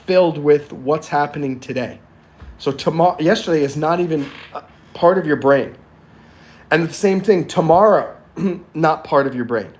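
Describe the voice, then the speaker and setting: A man in his forties hosting a motivational livestream, talking earnestly and often clearing his throat. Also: fairly high pitch. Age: 40s. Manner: earnest, reads and answers chat. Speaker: livestream host.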